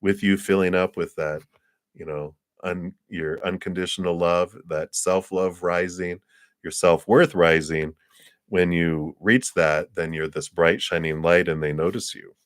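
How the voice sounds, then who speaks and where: In a low voice with fairly even intonation and a measured pace, a man gives a chatty live tarot reading. He laughs often and acts out small scenes with quoted voices, and the studio-quality recording has no room sound.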